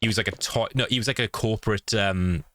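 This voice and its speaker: A man's voice: fairly low pitch, quick pace, fairly bright tone, slight background noise. A man streaming a game from his room, chatting and greeting viewers by name. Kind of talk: livestream gameplay chat. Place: home room. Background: game music.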